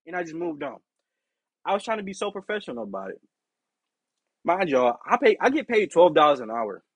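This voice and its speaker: A man with a lively, swooping delivery, pitched a bit above the usual, tells a story on his podcast. His voice is husky and a little breathy, and he swears freely as he acts out who said what. The sound is dry and close. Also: a little fast, no room sound. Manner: animated, profane, acts out quoted exchanges. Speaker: podcast host. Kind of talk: casual storytelling monologue.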